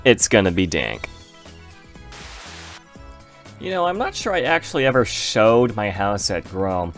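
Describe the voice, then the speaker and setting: A man hosting a game video in casual commentary, pitching his in-game goods in a playful salesman style with frequent fillers. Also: big pitch swings, normal speed, fairly bright tone, soft background music.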